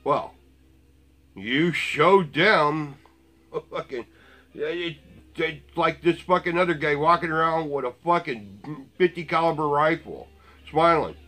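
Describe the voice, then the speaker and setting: A man delivers a blunt, profane rant full of sarcasm. His voice sits a bit high for a man. It has a tense, forceful edge. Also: unhurried. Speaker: vlogger. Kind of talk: ranting commentary.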